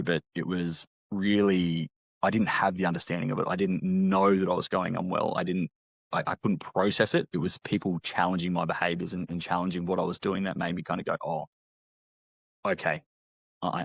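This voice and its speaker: A man with an Australian accent, a former medic speaking candidly in an interview, halting and reflective with frequent restarts. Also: low-pitched, level tone, vocal fry, breathy edge, no room sound. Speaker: guest, former army medic.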